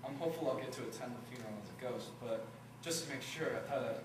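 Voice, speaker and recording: A man's voice: mid-range voice, quick pace, close to an everyday voice. A teenage boy playing a witty, charming teenage boy with cancer, in a student stage performance with a playful, teasing, wry delivery. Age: teens. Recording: echoey room from far off, noisy.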